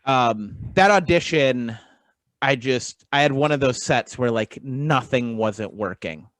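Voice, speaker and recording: A man's voice: medium pitch, takes it slowly, dry recording, poor audio. A man in his thirties, a comedian guest, telling stories in a casual interview and acting out the voices in them. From west coast of the US. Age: 30s. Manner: animated storyteller acting out voices.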